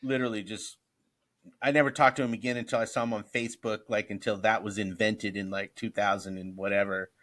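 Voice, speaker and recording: Bright-toned comedian spinning animated stories. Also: male voice, on the low side, a little fast. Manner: animated anecdotes, acts out quoted voices. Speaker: comedian guest. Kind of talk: casual storytelling in an interview.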